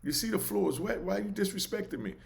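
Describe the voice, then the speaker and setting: A man voicing a polite, soft-spoken Christian man who pleads gently and calmly. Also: high voice, fast talker, gravelly, pitched above the performer's own voice, exaggerated voice. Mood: pleading softly.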